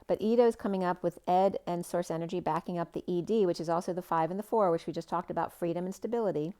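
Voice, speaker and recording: A tarot reader with a lowish, mellow, clean-toned voice offers a spiritual reading. She rambles and free-associates, relies on many fillers, lets phrases trail off, and sometimes slows down to draw words out.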